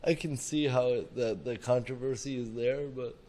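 A man with a dark, mellow voice talks loosely in a podcast conversation. He keeps his pitch in the middle and leans on phrases like "you know what I mean". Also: normal speed, low-quality recording. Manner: relaxed, conversational, uses filler phrases. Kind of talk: casual chat.

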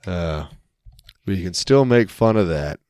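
A man's voice: low voice, lively intonation, takes it slowly, a little mellow. A man co-hosting a casual chat, rambling through stories and laughing often. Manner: rambling storyteller, laughs often, puts on voices in anecdotes.

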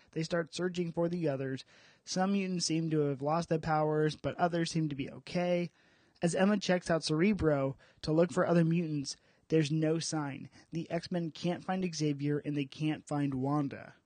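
A man's voice: fairly high pitch, darkish tone, no room sound. Man hosting a comic recap podcast, dry sound. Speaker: podcast host. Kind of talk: comic book recap then casual banter.

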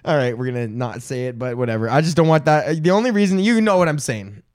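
A man's voice: medium pitch, animated, fast talker, darkish tone, no echo, studio quality. A young man hosting a comedy podcast, ranting casually with lots of swearing and laughter. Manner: profane, laughing, jumps into silly mock British voices. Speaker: podcast host.

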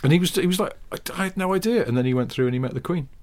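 A man's voice: fairly high pitch, animated, very fast. A man, co-hosting a casual podcast and telling anecdotes with dry banter. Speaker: podcast co-host. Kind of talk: casual chat.

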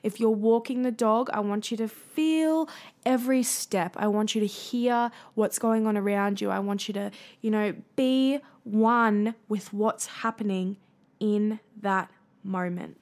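A woman's voice: medium pitch, measured pace, a little mellow. A young adult woman hosting a solo podcast, earnest and encouraging, with frequent fillers. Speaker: podcast host.

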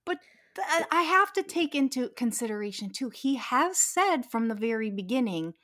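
A woman's voice: on the high side, very animated, moderate pace, a bit bright. A woman co-hosting a casual recap podcast, musing aloud with hesitant restarts and frequent "like". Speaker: podcast co-host.

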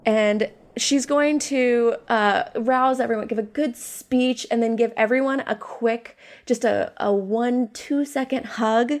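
A woman's voice: on the high side, fairly even intonation, takes it slowly. A woman playing a tabletop game, talking in a cheerful, rambling, giggly way. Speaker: player. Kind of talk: casual tabletop play.

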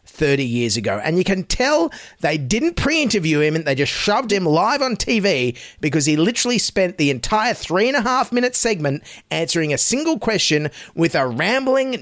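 A man's voice: fairly high pitch, very animated, normal speed, a bit bright, no room sound, studio quality. A man with an Australian accent giving sarcastic satirical news commentary, mocking and exaggerating his emphasis. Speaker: comedy host.

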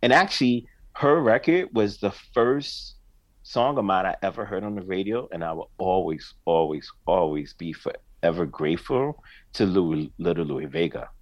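A man's voice: sits low, normal speed, muffled recording. A middle-aged man, a songwriter and singer, telling stories in an interview with emotion and frequent laughter. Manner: animated, emotional storyteller, laughs often. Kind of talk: casual storytelling interview.

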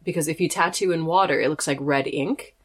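A young woman guest on a podcast, telling a story in a loose, rambling way. Her voice sits a little low for a woman. She laughs at herself as she goes. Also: fairly quick, slightly rough. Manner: rambling, self-deprecating, giggly. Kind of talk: casual storytelling.

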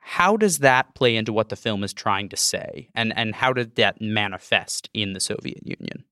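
A man with a bright, crisp voice and a low pitch asks a group about a film over a video call. He talks hesitantly and uses many fillers, and his voice is recorded dry. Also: animated, moderate pace, dry recording. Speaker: podcast panelist.

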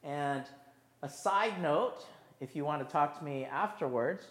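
A man's voice: on the high side, a little slow. A man giving a conversational sermon with self-deprecating humor, from the United States. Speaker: pastor. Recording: reverberant hall.

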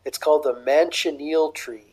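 A man's voice: a little high, steady tone, a little mellow, slightly rough, low-quality recording. A man co-hosting a podcast, eagerly reading facts aloud in casual chat. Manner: reads facts aloud eagerly, quick reactions. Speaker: podcast co-host.

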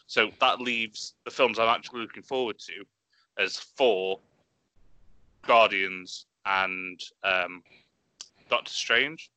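Excitable podcaster, bright and punchy, dry close mic. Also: male voice, on the low side, slow, pauses often, no echo. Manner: excitable, swearing, animated. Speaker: podcast co-host. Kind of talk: enthusiastic casual chat.

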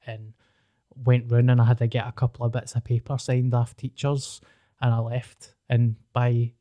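A Scottish man recounting his own story on a podcast, blunt and sweary. The sound is dry and close, with no room around it, and his pitch sits in the middle. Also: level tone, moderate pace, dark tone, dry recording, muffled recording. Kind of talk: casual chat.

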